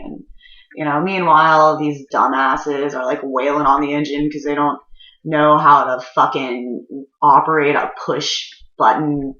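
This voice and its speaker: Low, sharp-voiced woman telling a rambling story. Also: normal speed. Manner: profane, rambling, frequent fillers. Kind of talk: casual personal storytelling. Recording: roomy, slightly dull recording.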